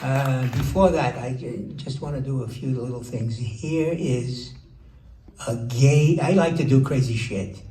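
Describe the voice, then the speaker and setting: A man's voice: mid-range voice, a little slow. A man in his eighties with a sore throat, doing rambling, self-mocking stand-up with animal noises at a roast. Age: 80s. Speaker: comedian. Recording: echoey room, far mic, crowd and noise.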